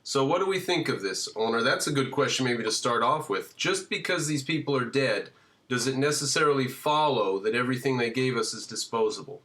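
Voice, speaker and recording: A man's voice: mid-range voice, expressive, brisk, pushed and bright. A man hosting a casual discussion, posing questions in a conversational way. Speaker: host.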